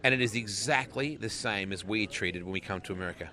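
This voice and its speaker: A man's voice: lowish voice, quick pace, sharp tone. A man in his forties with an Australian accent, a race announcer chatting easily and laughing often in an interview. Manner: laughs often, easygoing and jokey. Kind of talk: casual interview chat.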